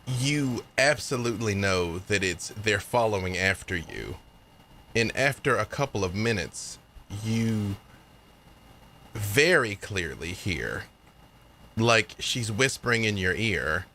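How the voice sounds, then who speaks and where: A man narrating a tabletop horror game as game master, measured and descriptive. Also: lowish voice, lively intonation, bright, forceful tone, slight background noise.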